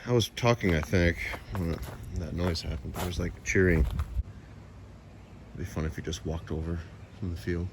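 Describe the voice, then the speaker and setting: A man vlogging on a walk with his cat outdoors, chatting in a soft, rambling way. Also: deep voice, fairly even intonation, normal speed. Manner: soft-spoken, rambling, coos baby talk to his cat. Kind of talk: casual chat, talking to his cat and viewers. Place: outdoors in woods near a house. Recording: noticeable outdoor background noise.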